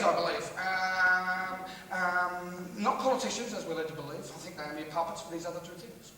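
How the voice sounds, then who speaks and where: An Australian comedian with a high voice needles his live audience in a big music hall, brash and foul-mouthed. He keeps a moderate pace with fairly even intonation and few pauses, far from the mic with slight background noise. The hall echoes, taped from afar with loud laughter.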